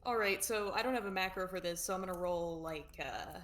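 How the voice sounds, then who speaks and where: A woman's voice: fairly low pitch, brisk, a bit bright. A woman playing a tabletop game, chatting casually and playfully. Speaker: player.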